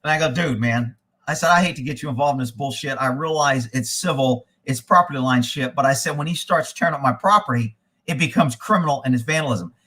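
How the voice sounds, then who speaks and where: A man hosting a live show, telling a long profane story in a casual, animated way and quoting the people involved. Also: mid-range voice, fast. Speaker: host.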